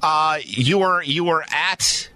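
A man's voice: fairly high pitch, slow pace, bright, forceful tone, dry recording. A man playing an earnest TV news anchor who stumbles and keeps correcting himself. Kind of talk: comedic prank news bit.

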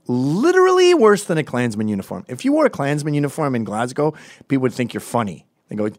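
A man's voice: mid-range voice, fast talker, dry recording, clean studio sound. Rambling American man telling stories. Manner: rambling, digressive, deadpan asides. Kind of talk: comedic storytelling monologue.

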